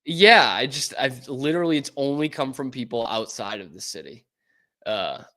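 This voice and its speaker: A young man from the Boston area with a mostly suppressed Boston accent, hosting a sports talk show in animated, opinionated casual chat. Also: medium pitch, normal speed. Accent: mild Boston, mostly suppressed. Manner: animated, opinionated, lots of fillers.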